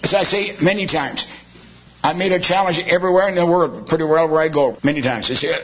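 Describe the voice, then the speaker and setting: A man's voice: on the high side, brisk, a bit bright, a little hiss or hum. A man preaching a sermon, firing off rhetorical questions with sarcastic asides. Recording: dull lo-fi sermon recording.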